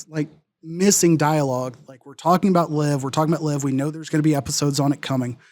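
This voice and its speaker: Higher-voiced rambling man. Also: darkish tone, no echo. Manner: rambling, lots of "like" and "uh". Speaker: podcast co-host. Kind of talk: casual sports chat.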